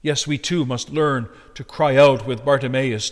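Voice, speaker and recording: A male preacher delivering a sermon earnestly, swinging between loud emphasis and soft direct address. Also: mid-range voice, measured pace, few pauses. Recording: echoey hall with long reverb.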